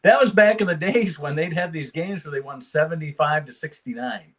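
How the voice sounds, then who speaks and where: A man's voice: on the high side, a little fast, a bit bright. An older man hosting a casual chat about comedy and sports, rambling and laughing between his stories. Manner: rambling, frequent restarts, laughs often. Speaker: podcast host.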